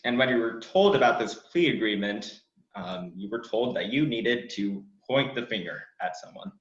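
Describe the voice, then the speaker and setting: A man's voice: lowish voice, lively intonation, normal speed. Man, counsel, hesitant with fillers, echoey room, muffled audio. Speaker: defense counsel. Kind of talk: courtroom cross-examination. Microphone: video call. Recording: roomy, dull video-call audio.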